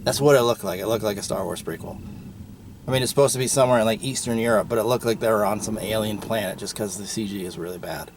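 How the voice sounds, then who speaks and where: A man's voice: fairly low pitch, fast, background noise. A man hosting a podcast, giving a casual, opinionated movie review with frequent ums and uhs. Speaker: podcast host.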